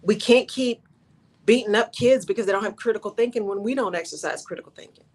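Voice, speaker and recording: A woman holds forth on her talk radio show, pressing each point home and circling back to her key phrases. Her pitch sits in the middle for a woman. She keeps tossing in a quick "right?" to pull the listener along. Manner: emphatic, repeats key phrases, asks "right?".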